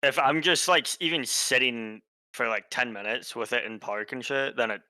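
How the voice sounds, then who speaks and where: A man in casual podcast chat, chiming in with quick explanations. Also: medium pitch, bright, forceful tone, no echo.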